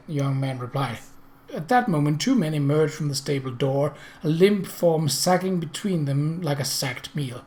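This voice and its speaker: Man, audiobook narrator, measured, slightly high voice. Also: lively intonation, a little mellow. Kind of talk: audiobook reading of a novel.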